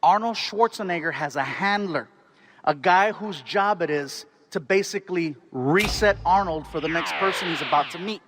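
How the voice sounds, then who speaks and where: A male stand-up comedian telling a story in an animated, excitable way. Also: high voice, normal speed, slight background noise.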